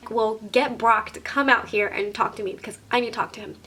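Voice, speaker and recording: A young woman vlogger telling a casual storytime, animated and swearing freely as she acts out what people said. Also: fairly high pitch, fairly quick.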